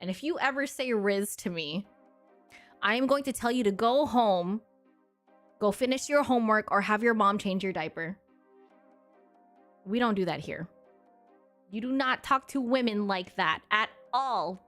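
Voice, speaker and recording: A woman's voice: medium pitch, expressive, measured pace, long pauses, fairly bright tone, soft background music. A woman in her thirties, a streamer in casual chat with her viewers, talking in a blunt, sassy and crude way and laughing often. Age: 30s.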